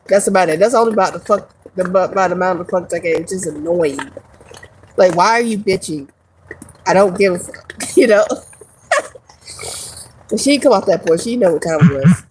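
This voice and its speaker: A woman's voice: lowish voice, a little fast, long pauses, a little mellow, a little hiss or hum, low-quality recording. Profane, rambling woman vlogger. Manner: profane, rambling, laughs often. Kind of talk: casual rant to camera.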